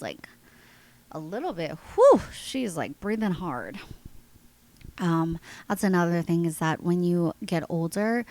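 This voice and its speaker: A woman's voice: medium pitch, poor audio. A woman in her thirties hosts her own podcast, telling a long personal story in a loose, chatty monologue. Her nose is congested, and she laughs easily as she talks to her listeners. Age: 30s. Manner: chatty, animated, laughs often, addresses listeners as guys. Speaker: podcast host.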